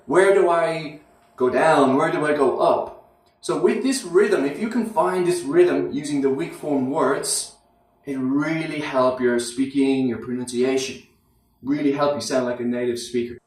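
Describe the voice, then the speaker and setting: A man with a slightly high voice gives an English pronunciation lesson and breaks words down one at a time. He speaks very slowly and deliberately. He is recorded somewhat away from the mic, in a room with a strong echo. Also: recorded from a distance. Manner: repeats words slowly, demonstrating sounds. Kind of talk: slow, deliberate teaching.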